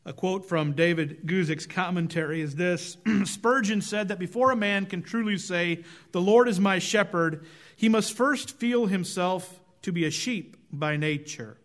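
A man preaching a sermon, reading scripture and telling stories with an emphatic, measured delivery that drops low at the ends of phrases. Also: fairly bright tone.

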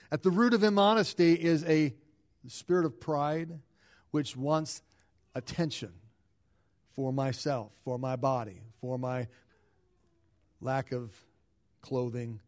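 A middle-aged man, a pastor, preaching a sermon with frequent restarts and repeated words, swinging between loud emphasis and quiet asides. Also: medium pitch.

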